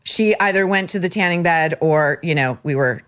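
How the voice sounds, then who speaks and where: A woman's voice: lowish voice, normal speed, fairly bright tone, clear, resonant tone. A woman talk show guest commenting in a scornful, incredulous way, often stammering and restarting. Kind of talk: casual talk show chat.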